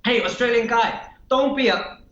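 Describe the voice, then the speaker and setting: A man's voice: very high voice, moderate pace, a bit bright, echoey room, highs cut off. A man putting on an earnest, pleading Chinese man with a Chinese accent.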